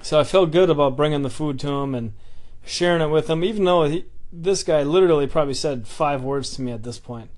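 A man with a slightly raised pitch tells a story from his own life. He talks casually and haltingly, stopping and restarting often and filling the gaps with small fillers. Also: a little mellow.

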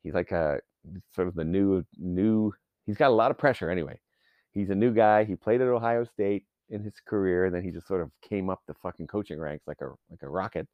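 A man's voice: sits low, fairly quick, dry recording, highs cut off. A man talking in a casual solo rant, profane, sarcastic and rambling as he goes.

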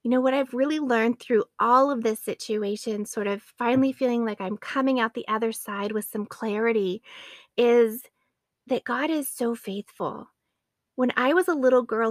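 A woman's voice: fairly high pitch, moderate pace, dry recording, studio quality. A woman in her late thirties hosting a faith podcast, earnest and addressing her listeners as friends. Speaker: podcast host.

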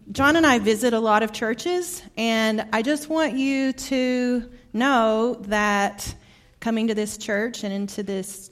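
A middle-aged woman from Arkansas with a Southern accent preaches a heartfelt, storytelling sermon as a guest preacher in a church sanctuary. Her voice sits a little high, and she often drops to a soft, quiet delivery.

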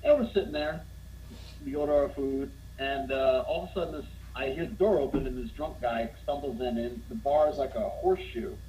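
A man telling a funny bar story in casual conversation, getting more animated as he goes. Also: brisk, a little hiss or hum, poor audio. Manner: animated, gets louder and higher as the story builds.

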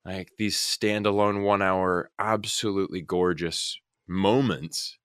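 A man from the United States, an actor guest, chatting casually and telling stories with lively quoted voices. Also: deep voice, takes it slowly, smooth, no room sound, studio quality. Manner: animated storyteller, acts out quoted voices. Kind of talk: casual podcast chat.

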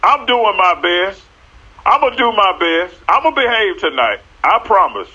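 Animated preaching man, bright voice. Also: high voice, unhurried, breathy edge, muffled recording. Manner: animated, preachy, stammers and repeats words. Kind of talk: church talk show.

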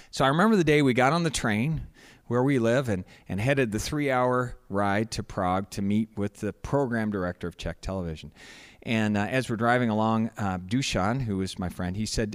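Male preacher, slightly low voice, storytelling sermon, halting with many restarts. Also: smooth. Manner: halting, repeats words, acts out quotes.

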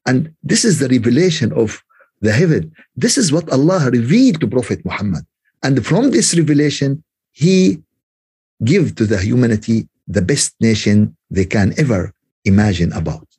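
A man giving an Islamic religious lecture. He is emphatic, repeats key phrases and quotes scripture, and he recites the closing prayers quickly in a low voice. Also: darkish tone, breathy edge.

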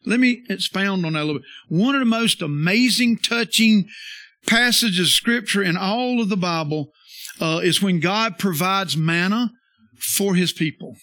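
A man preaching a sermon as pastor, folksy and conversational, repeating phrases and rising to emphatic loud bursts. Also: high voice, moderate pace, no echo.

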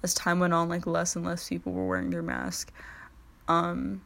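A teenage girl talks through her solo podcast in a loose, meandering way. Her voice sits a little low for a girl. She leans on "like" constantly and restarts her sentences often. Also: big pitch swings, normal speed, creaky, fairly bright tone. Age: teens. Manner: rambling, heavy use of "like", frequent restarts. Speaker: podcast host. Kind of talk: casual solo podcast chat.

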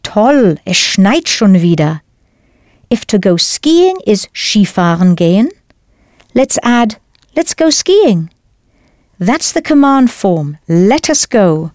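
A woman teaching a language lesson in a clear, careful scripted delivery, spelling out words as she goes. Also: mid-range voice, sing-song, takes it slowly, a little mellow, dry recording, studio quality.

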